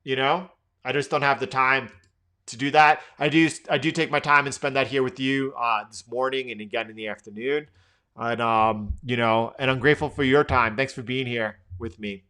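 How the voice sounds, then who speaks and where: A man's voice: mid-range voice, steady tone, moderate pace, bright, forceful tone, smooth. A middle-aged man hosting a live trading stream, thinking aloud through chart commentary with lots of fillers and restarts.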